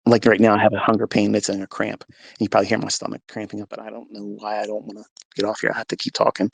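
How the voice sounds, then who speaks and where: A man's voice: lowish voice, monotone, fast, gravelly, slightly rough, dry recording. A man telling an emotional personal testimony in an earnest storytelling way, acting out the dialogue. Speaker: speaker sharing a testimony.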